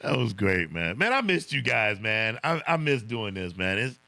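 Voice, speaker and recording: A man's voice: on the low side, very animated, moderate pace, gravelly, pushed and bright, no echo. A man hosting a casual livestream, reading viewer comments in a laid-back way, chuckling often and saying "man" a lot. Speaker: livestream host.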